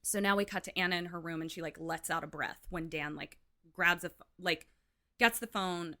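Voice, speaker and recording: A chatty woman podcaster retelling a movie in a casual, rambling way. Her voice is bright and sits on the low side, and she peppers her talk with "like". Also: normal speed. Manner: chatty, heavy use of "like", acts out quotes. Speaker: podcast co-host. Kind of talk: casual chat, retelling a film plot.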